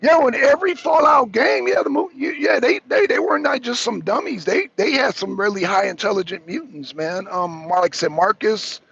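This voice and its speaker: Trucker caller, high raspy voice, rambling and profane, muffled lo-fi line. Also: male voice, lively intonation, normal speed, hardly any pauses, a bit bright. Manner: profane, rambling, self-interrupting. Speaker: truck driver calling in to a talk show. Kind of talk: casual chat.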